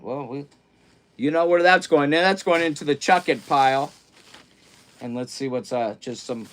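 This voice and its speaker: A middle-aged man chatting casually on a livestream, rambling and joking at himself as he unpacks clothes and reads out chat messages. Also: medium pitch. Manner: rambling, loose, self-mocking, reads chat aloud. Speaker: livestream host. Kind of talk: casual live-stream chat, unboxing clothes.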